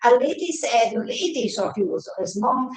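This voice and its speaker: A woman's voice: on the high side, lively intonation, normal speed. A woman giving a live-streamed psychic reading, chatty and repetitive, speaking to viewers by name. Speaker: psychic medium. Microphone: webcam or phone. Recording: echoey room.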